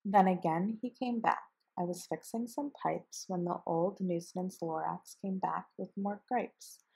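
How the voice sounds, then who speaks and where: A woman reading a rhyming picture book aloud to children in a steady storytelling voice. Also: fairly low pitch, a little slow, vocal fry, breathy edge. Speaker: storybook reader.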